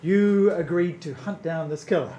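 A man's voice: a little high, moderate pace, dark tone, reverberant, muffled recording, slight background noise. A man running a tabletop game on stage for a live audience, hesitant and full of fillers, amused. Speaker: game master.

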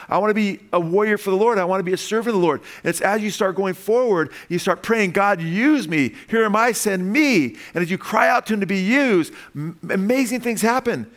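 A man's voice: a little high, a bit bright. Man preaching with emphatic fervor. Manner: emphatic, preacherly, frequent "amen?" and "you know"; repeats words and restarts when moved. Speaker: pastor. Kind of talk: sermon.

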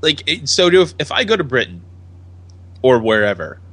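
A man's voice: mid-range voice, very animated, moderate pace, a bit bright. A man co-hosting a podcast, asking curious questions in a casual chat and laughing often. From United States. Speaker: podcast co-host.

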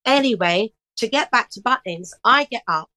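A middle-aged woman telling stories in a casual interview, lively, breaking into bits of song. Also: a little high, normal speed, no echo, low-quality recording. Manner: animated storyteller, bursts into snatches of song. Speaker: guest singer.

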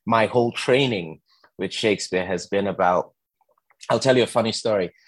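A man being interviewed about his acting career talks with animated, emphatic storytelling. His voice is husky and sits fairly low. The recording is dry and close, with no room sound. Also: normal speed, no echo. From England. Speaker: actor and guest. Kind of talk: conversational interview.

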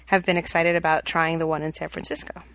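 A woman with a Midwestern accent chatting eagerly on a podcast, her voice bright and forceful. The sound is dry and close, with no room around it, and she talks freely and agrees readily with her co-host. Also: low voice, level tone, dry recording. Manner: enthusiastic, talkative, quick to agree. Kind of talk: casual chat. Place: home in California.

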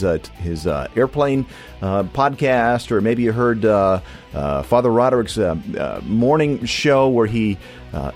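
A man's voice: medium pitch, darkish tone. Rambling podcast host guy from california, voice goes up and down a lot. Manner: rambling, with many restarts and fillers. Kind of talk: casual podcast monologue.

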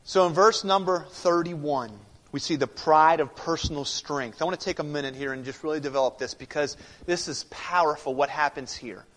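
A man preaching a sermon as pastor, emphatic, swinging from loud declarations to hushed, intense passages, in a church sanctuary. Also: on the high side, normal speed. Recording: long reverb of a large sanctuary.

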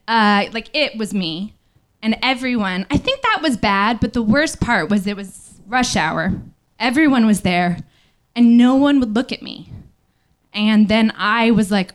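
A woman telling a personal story on stage at a small live venue, speaking candidly and haltingly, with many fillers, into a stage microphone. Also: on the high side, lively intonation.

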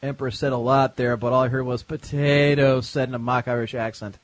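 A man's voice: mid-range voice, little pitch movement, fast, no echo. A man hosting a casual comedy podcast, blunt and teasing as he banters and reads segments aloud. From United States. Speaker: podcast host.

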